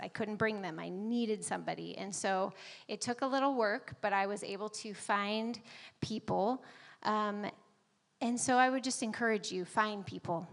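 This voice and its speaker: A woman's voice: medium pitch, vocal fry, a bit bright, in a large hall. Woman in her 30s telling family stories at church, chatty, laughs a lot, um-heavy. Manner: chatty and conversational, laughs often, many fillers. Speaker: guest speaker at a church service. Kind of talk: personal stories in a church message. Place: church sanctuary.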